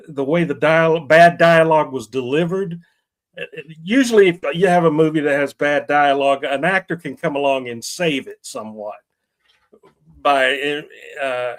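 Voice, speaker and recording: A man reviewing a film on a podcast in casual chat, blunt and emphatic as he rants. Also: fairly high pitch.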